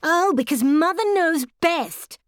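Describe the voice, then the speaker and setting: A sulky seventeen-year-old girl, as a woman narrator puts her on, her voice pushed high, shrill and sarcastic. She drawls her complaints slowly, with lively swings of pitch, and the recording is dry and close. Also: dry recording, exaggerated voice. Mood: sarcastic, whiny.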